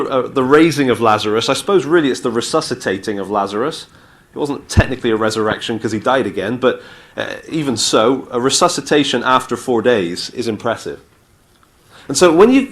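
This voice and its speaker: A man with a British accent giving an informal, chatty Bible talk to students, telling the story with asides and acted-out dialogue. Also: mid-range voice. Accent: British English. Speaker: speaker at a student Christian talk.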